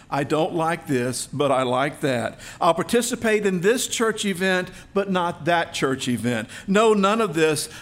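A middle-aged male pastor preaching a sermon, emphatic and storytelling, with rhetorical questions. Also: on the high side.

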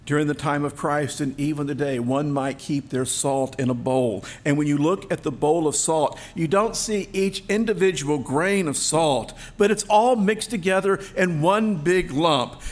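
A man's voice: on the high side, moderate pace, hardly any pauses. A middle-aged male pastor preaching a sermon, emphatic and storytelling, with rhetorical questions.

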